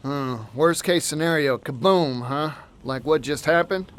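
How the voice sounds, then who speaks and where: An actor voicing a cheerful, folksy young traveling merchant in a video game, with a drawling, upbeat manner. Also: male voice, a little high, unhurried, fairly bright tone, slight background noise. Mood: friendly. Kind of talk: game voice acting. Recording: game audio with music behind.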